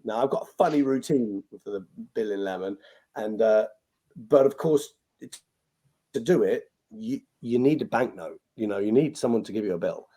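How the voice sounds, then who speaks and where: A British man, a magician and compere, telling stories as a podcast guest in a lively way, swearing and acting out what people said. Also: on the low side, normal speed. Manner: animated, swears freely, acts out quoted lines. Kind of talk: anecdotal storytelling interview.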